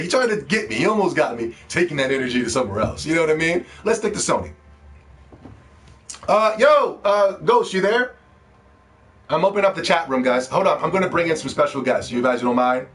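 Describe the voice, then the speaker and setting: A young man hosting a live gaming stream, ranting casually and playfully with lots of swearing and bursts of shouting. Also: mid-range voice. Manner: animated, profane, playful shouting.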